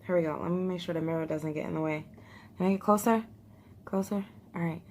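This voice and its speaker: A woman's voice: on the low side, fairly even intonation, fast talker, darkish tone. A young woman chatting to her viewers while trying something new at home, nervous, laughing often and talking straight to the camera. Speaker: vlogger. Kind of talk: casual beauty vlog chat.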